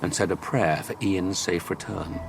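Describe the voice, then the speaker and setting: A man reading an audiobook as narrator, telling the story in a measured way. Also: deep voice, gravelly, over music. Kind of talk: scripted narration.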